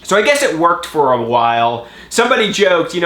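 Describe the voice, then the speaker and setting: A man telling a funny story to his viewers in an animated, exaggerated way. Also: a little high, a little fast, few pauses. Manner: animated, exaggerated, switching into mocking voices. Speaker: vlogger. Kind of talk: casual storytelling monologue. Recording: roomy echo.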